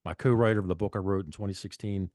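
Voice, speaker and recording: A man's voice: sits low, fairly even intonation, quick pace, darkish tone, no echo, studio quality. A middle-aged man guest telling stories in a blunt, profane, rambling way, often restarting his sentences. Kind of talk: casual storytelling.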